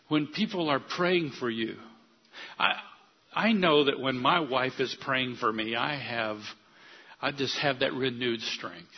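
An older man, a pastor, preaching an earnest sermon that rises to loud declarations. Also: medium pitch, a little slow, husky, muffled recording.

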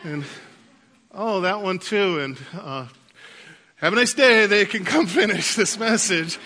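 A man preaching a sermon, telling lively childhood stories and laughing through them. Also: high voice, unhurried. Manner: animated storyteller, laughs through anecdotes. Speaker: pastor. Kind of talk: sermon with storytelling.

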